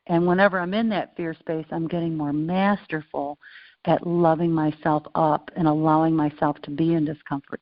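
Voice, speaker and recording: A woman talking as an interview guest, telling stories with an animated, playful manner, on a dull lo-fi recording. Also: low voice, no room sound. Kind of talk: casual interview conversation. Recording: dull lo-fi sound.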